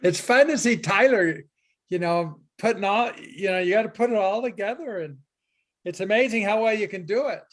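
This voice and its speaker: Brief: upbeat Spanish teacher, man, higher voice, encouraging, chatty anecdotes over a video call. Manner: encouraging, storytelling with quick asides. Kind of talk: online class teaching.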